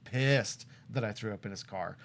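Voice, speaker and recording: A young man casually telling a story to a friend, animated and laughing often as he acts out what people said. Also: lowish voice, normal speed, creaky. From Tucson, Arizona.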